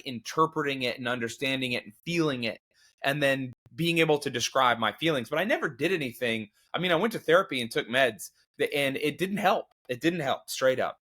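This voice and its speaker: A man with a slightly higher-than-average voice talks in an earnest, rambling way, often restarting his sentences. He sounds emotional and open, with brief laughs breaking in. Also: fairly bright tone. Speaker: comedian and podcast guest. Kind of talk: candid conversational talk.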